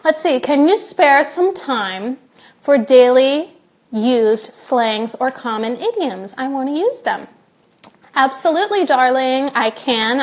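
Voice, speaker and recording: A young woman, an English teacher hosting a casual live-stream Q&A, joking playfully and reading viewer questions aloud on a phone. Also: high voice.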